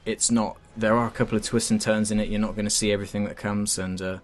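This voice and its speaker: A man's voice: fairly low pitch, little pitch movement, fast talker. A man chatting casually in a game review, hesitant with many fillers and restarts.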